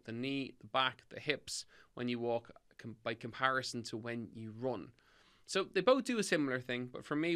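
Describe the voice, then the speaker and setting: A man's voice: medium pitch, bright, forceful tone. A middle-aged man with an Irish accent, hosting a solo health podcast and giving fitness tips in an emphatic, upbeat way. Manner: emphatic, upbeat, repeats key points. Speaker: podcast host and fitness coach.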